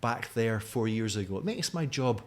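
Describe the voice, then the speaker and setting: Speaking at a moderate pace with an expressive, medium-pitched voice, a man from Scotland with a mild accent talks to the camera in front of him. He's a teacher trainer recording a conference talk at home at night, chatty and friendly with frequent fillers.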